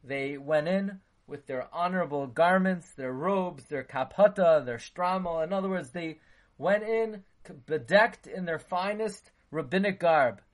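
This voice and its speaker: A man's voice: on the high side, unhurried. Man giving a lecture. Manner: dense with Hebrew and Yiddish terms, acts out dialogue. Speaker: rabbi teaching Torah. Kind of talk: Torah lecture.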